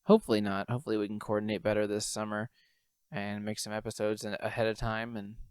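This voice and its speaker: A man's voice: lowish voice, quick pace, smooth, no room sound. A young man, a podcast host, telling a funny story in casual chat, laughing often and acting out what people said. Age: young adult. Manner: animated storyteller, laughs often, acts out quotes.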